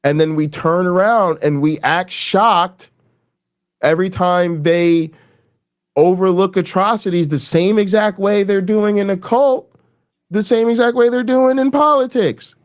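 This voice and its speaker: Profane, animated man ranting. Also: sits high, a little slow. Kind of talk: casual podcast chat.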